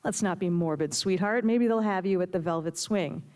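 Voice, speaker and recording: A woman's voice: lowish voice, moderate pace, darkish tone, close to an everyday voice. A woman reading as a sardonic nightclub queen. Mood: mocking. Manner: mocking, teasing, bossy. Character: brassy sardonic female nightclub owner, a gangster's wife.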